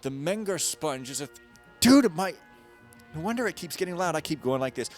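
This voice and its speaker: A man's voice: on the high side, lively intonation, fairly quick, soft background music. Rambling, jokey gamer man. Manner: rambling, jokey, swings between loud bursts and mumbling. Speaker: gaming streamer. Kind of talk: casual let's-play commentary. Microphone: close desk mic.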